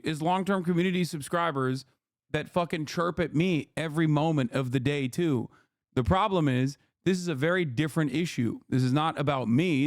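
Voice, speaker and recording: A male streamer lectures his chat in an unscripted rant, exasperated and profane, hammering the same phrases again and again. His voice sits somewhat high for a man and comes across close and dry, with hardly any room sound. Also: dry recording. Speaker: livestream host.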